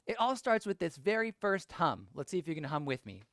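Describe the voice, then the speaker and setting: A woman's voice: low voice, very animated, a little fast, no echo. A woman leading children through songs in an upbeat, encouraging call-and-response style at a family holiday service.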